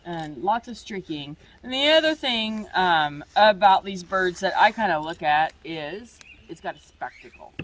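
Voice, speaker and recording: Woman teaching bird banding, halting. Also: fairly low pitch, animated, a bit bright, rough recording. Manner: asks the group questions, halting restarts. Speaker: bird bander leading a demo. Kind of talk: teaching a small group outdoors.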